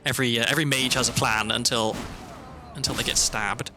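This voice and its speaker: Fairly quick and fairly even in intonation, this British streamer's mid-range voice carries relaxed gameplay commentary. He rambles, chats, and cuts himself off partway through sentences. Background music from the game runs beneath him.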